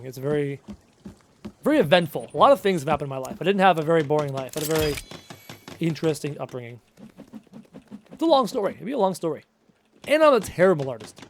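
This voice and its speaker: A man in his thirties talks loosely through a live gaming stream, reading out viewer comments and answering them one after another. His voice sits a little high for a man. A faint noise runs under the talk. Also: darkish tone. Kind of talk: casual live-stream chat while playing.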